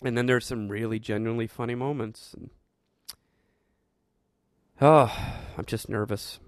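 A man's voice: mid-range voice, fairly even intonation, a little slow, no echo, studio quality. A man hosting a show, talking through his thoughts in a rambling, reflective monologue with frequent restarts. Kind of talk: casual monologue.

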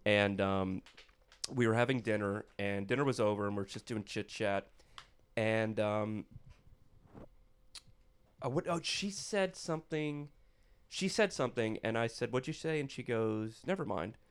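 A man's voice: lowish voice, unhurried, clean tone. A man on a casual podcast, telling a long anecdote and acting out the quoted lines in changed voices. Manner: animated storyteller acting out quotes.

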